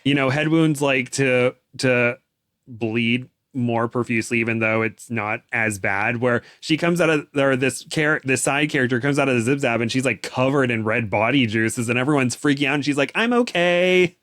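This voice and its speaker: Man, podcast co-host, rambling and hesitant, mid-pitched, dry close sound. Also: normal speed, a bit bright, no echo. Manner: rambling, hesitant, with amused asides. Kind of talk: casual chat.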